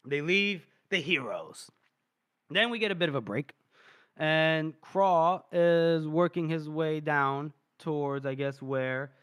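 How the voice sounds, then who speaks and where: Rambling, slightly high-voiced man recapping casually. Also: smooth, dry recording, studio quality. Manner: loose and rambling, heavy with fillers, swears freely. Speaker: podcast co-host. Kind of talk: casual book recap chat.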